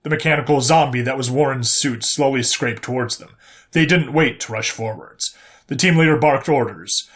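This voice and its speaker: A man narrating a sci-fi story in a steady, plain storytelling voice. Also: mid-range voice, normal speed.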